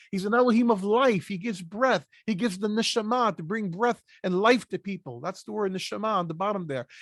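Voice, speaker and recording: A man with a notably high voice teaches a Bible study, reading passages aloud and then cutting in with brief, emphatic asides. The sound is dry and close, with almost no room around him. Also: no echo. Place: lives in Pennsylvania.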